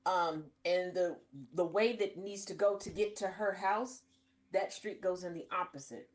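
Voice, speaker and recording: A woman from Cincinnati, hosting a podcast and telling a comic story in an animated way, laughing often. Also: lowish voice, unhurried. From Cincinnati, Ohio. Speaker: podcast host. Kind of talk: comedic casual storytelling.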